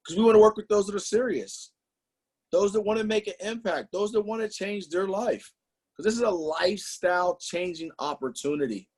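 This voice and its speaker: Hyped husky man giving a sales pitch. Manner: hyped, emphatic, talks to the audience directly. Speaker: presenter on a business call. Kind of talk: motivational sales presentation.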